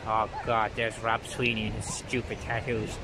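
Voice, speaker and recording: A man's voice: lowish voice, flat delivery, moderate pace, natural voice. An actor playing a vain young man gossiping and mocking people at the beach. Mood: gossipy. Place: outdoors at a windy beach. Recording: wind and waves noise. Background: wind and surf.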